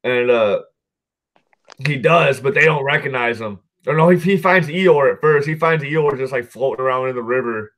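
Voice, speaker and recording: A man's voice: medium pitch, normal speed, fairly bright tone. A man hosting a podcast, casually recapping a movie in a loose, profanity-laced ramble that keeps circling back to correct itself. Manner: loose, profanity-heavy, peppered with "dude" and "like"; rambling, often backtracks and corrects himself. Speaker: podcast host.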